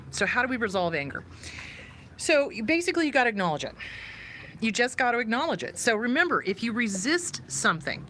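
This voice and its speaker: A woman therapist hosting a live stream, giving emphatic, animated advice on anger and reading out viewer questions. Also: medium pitch, a little hiss or hum.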